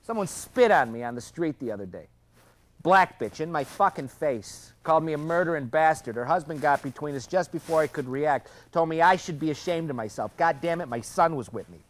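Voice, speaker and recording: Actor as a combative, profane male cop with a lively, swinging delivery. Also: fairly high pitch, brisk, lightly acted. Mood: bitter. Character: angry, defensive male Italian-American cop. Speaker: police officer.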